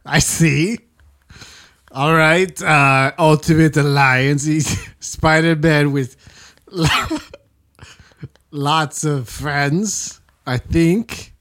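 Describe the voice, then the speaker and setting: A co-host in a casual chat who jokes in a deadpan, mock-dramatic way. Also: mid-range voice, drawn-out words.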